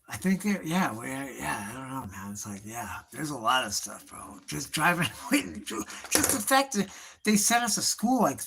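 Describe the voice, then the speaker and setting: A gravelly, fairly bright voice on the high side belongs to a middle-aged artist drawing live. He rambles casually through nostalgic stories, swearing in slang and calling his listener bro and dog, often trailing off only to start back up.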